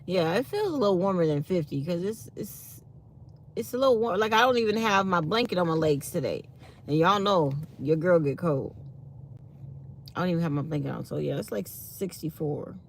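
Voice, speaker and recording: A woman's voice: fairly low pitch, animated, normal speed, slight background noise. A tired woman hosting a casual morning chat with her viewers, reading comments aloud as she talks. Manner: chatty, reads live comments aloud. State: tired and yawning. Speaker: channel host.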